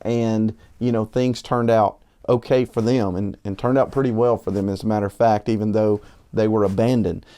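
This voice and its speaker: A pastor preaching a conversational sermon, often restarting his phrases and asking rhetorical questions, slowing down and lifting his voice to drive key points home. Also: fairly even intonation, mellow. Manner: slows and rises in pitch for emphasis.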